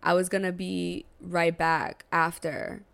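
A woman hosting a podcast, telling a story in a slangy, profane, animated casual way. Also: lowish voice, slow, gravelly. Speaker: podcast host.

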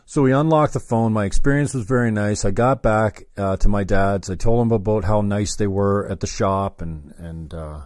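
A man's voice: lowish voice, normal speed, few pauses, darkish tone, dry recording, clean studio sound. A man telling a long, rambling story, cursing and cutting himself off mid-sentence. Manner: rambling, self-interrupting, profane.

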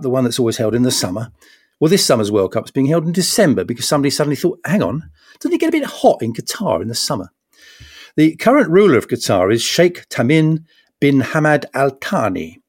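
A man's voice: medium pitch, a little mellow, dry recording, studio quality. A man hosting a podcast, delivering a wry, punning satirical comedy monologue with sarcastic asides. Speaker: podcast host.

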